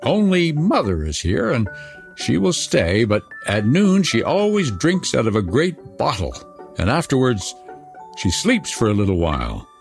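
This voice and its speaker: A man voicing a fierce, bossy little robber girl who speaks in a brisk, commanding way. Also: mid-range voice, huge pitch swings, vocal fry, faint music behind, heavily acted.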